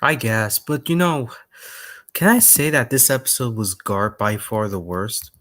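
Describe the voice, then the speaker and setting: A man's voice: mid-range voice, expressive, measured pace, a bit bright. A young man co-hosting a stream, mostly giving brief, agreeing replies in casual chat.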